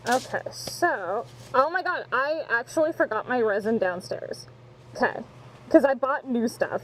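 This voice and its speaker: A woman's voice: on the high side, lively intonation, measured pace, fairly bright tone, a little hiss or hum, rough recording. A woman streaming live from home on a wireless mic, chatting casually and playfully, swearing now and then. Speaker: streamer and voice actress. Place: home, in a pouring tent and around the house. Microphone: wireless mic on a receiver.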